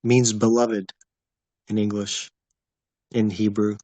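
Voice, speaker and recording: A man's voice: fairly low pitch, level tone, slow, mellow, no room sound. A man hosting a casual livestream, chatting with viewers in a rambling, laid-back way. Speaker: livestream host.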